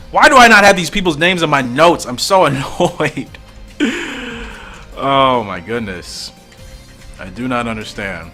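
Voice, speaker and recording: A man's voice: medium pitch, sing-song, a little slow, pushed and bright, faint music behind. Man musing over a comic as he reads it. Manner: musing, puzzled, thinking aloud. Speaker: comic reader and reactor. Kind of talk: reading a fan comic aloud with commentary.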